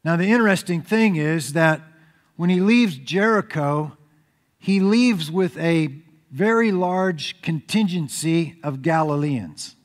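A man preaching a sermon as pastor, telling the story in an animated way. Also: on the high side, slow pace. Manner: animated storytelling preacher, acts out crowd shouts. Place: church sanctuary. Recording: reverberant church hall.

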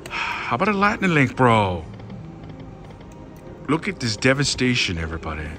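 A man commenting excitedly on his own slot machine play, talking to his viewers and swinging between hushed worry and loud outbursts. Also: medium pitch, normal speed, long pauses.

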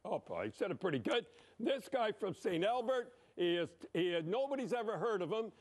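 Older man, high-pitched, blunt and rambling hockey commentator. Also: big pitch swings, brisk, a little mellow. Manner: blunt, emphatic, rambling, with frequent "eh?". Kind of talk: excited hockey commentary over replays.

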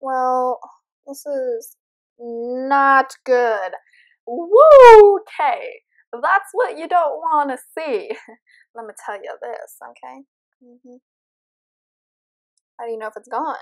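Young woman gaming, high voice, slow and jumpy, freaking out at a horror game. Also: a bit bright. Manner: nervous, jumpy, talks to viewers. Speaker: gamer.

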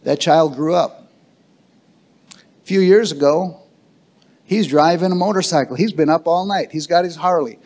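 A man's voice: on the high side, moderate pace, long pauses, a little mellow. A man preaching a sermon as pastor, emphatic and calling for answers from the congregation. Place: church sanctuary.

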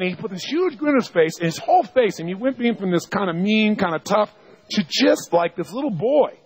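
Husky animated male storyteller. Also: high-pitched, normal speed, low-quality recording. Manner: animated storyteller who acts out quotes and laughs. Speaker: seminar speaker. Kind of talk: storytelling to a seminar audience.

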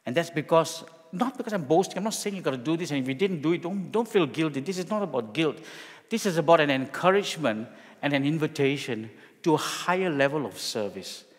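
A man's voice: on the high side, lively intonation, a little fast. Middle-aged pastor guy from singapore, jokey storyteller, lots of restarts, big echoey church hall. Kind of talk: sermon with personal story.

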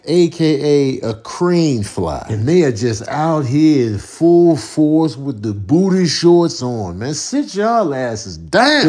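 Husky man riffing comic commentary. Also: on the high side, a little mellow. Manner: playful, rapid absurd riffing in slang. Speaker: comedian commentator. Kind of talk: comedic voiceover commentary.

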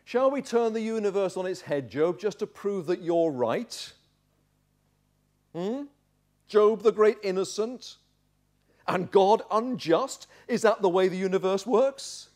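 A man preaching who voices one of Job's accusing friends: higher, louder and mocking, building toward shouting. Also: big pitch swings, unhurried, heavily acted. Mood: indignant. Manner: exasperated, mocking, rising to shouting. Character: indignant male accuser scolding a sufferer.

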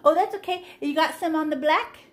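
A woman's voice: high-pitched, a little fast, echoey room. A woman teaching a live online painting class for children, playful and chatty as she talks them through each step over a laptop mic. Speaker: art teacher. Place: home room on a video call. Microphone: laptop mic on a video call.

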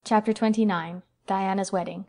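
A woman reading an audiobook in a measured, even storytelling manner. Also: medium pitch. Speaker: audiobook narrator. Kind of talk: scripted narration.

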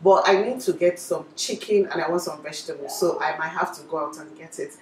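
A woman's voice: sits low, a little fast, roomy sound, far from the mic, rough recording. A young Nigerian woman chatting casually as a cooking vlogger, laughing easily as she talks. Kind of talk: casual vlog chat. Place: home kitchen.

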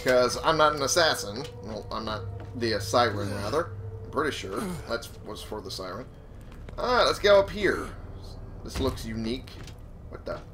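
A man's voice: medium pitch, animated, normal speed, background noise. A man giving casual let's play commentary, swearing and chuckling to himself. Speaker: gamer.

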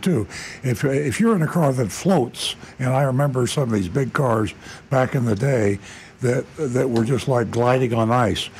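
A man's voice: medium pitch, gravelly, darkish tone, a little hiss or hum. A man on a radio car show explaining road feel, hesitant and full of fillers. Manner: halting, many fillers.

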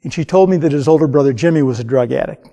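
An older man from the American Midwest, a painter, telling true stories in an earnest, unhurried way with pauses. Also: fairly high pitch, warm tone. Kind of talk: storytelling interview. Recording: hall reverb.

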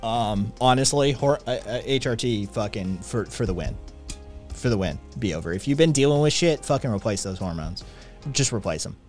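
A man's voice: medium pitch, lively intonation, fairly quick, darkish tone, soft background music. A man streaming live, chatting casually with viewers in a rambling, sarcastic way, with lots of swearing and filler words.

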